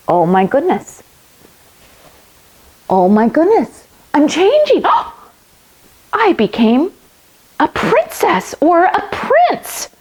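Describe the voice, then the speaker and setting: A woman's voice: on the high side, a little mellow, low-quality recording. A woman leading a children's yoga lesson in a playful, make-believe storytelling manner.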